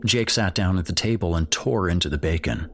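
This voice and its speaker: A man narrating a dark horror story in a measured, grim storytelling voice. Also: sits low, slight background noise.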